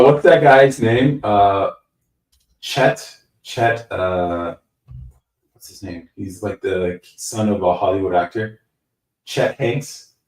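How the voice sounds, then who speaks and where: Deep-voiced man in a roomy room. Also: far from the mic. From United States. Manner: rambling, joking, self-deprecating. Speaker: host answering live chat. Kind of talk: casual livestream Q&A. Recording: roomy sound from away from the mic.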